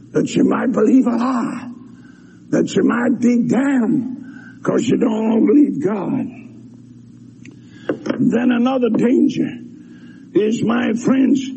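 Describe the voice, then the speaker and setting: A man preaching a revival sermon, shouting and then dropping low in turn. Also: gravelly. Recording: dull lo-fi recording with faint hiss.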